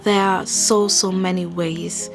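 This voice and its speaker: A young woman in her twenties chatting casually and candidly, rambling through a personal story with fillers and soft whispered asides. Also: lowish voice, flat delivery, takes it slowly, gravelly. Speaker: vlogger. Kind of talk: casual chat. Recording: music playing behind.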